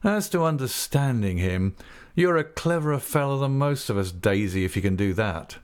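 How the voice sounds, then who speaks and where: Jovial young gent, raised and lively, teasing and careless, read by a male narrator. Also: medium pitch, moderate pace, clear, resonant tone, voice pushed up, natural voice. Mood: breezy. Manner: hearty, mocking, lively. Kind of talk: audiobook character voice.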